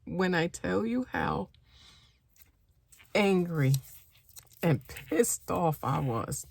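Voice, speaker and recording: A mother telling a personal story in a casual vlog, upset and shaken, halting often and repeating herself. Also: on the low side, big pitch swings, creaky, slight background noise.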